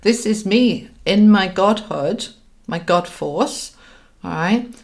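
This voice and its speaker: A woman's voice: medium pitch, takes it slowly, gravelly. A middle-aged woman, hosting a live-stream chat as a spiritual coach, earnest and guiding, often checking in with "all right?" and "okay?".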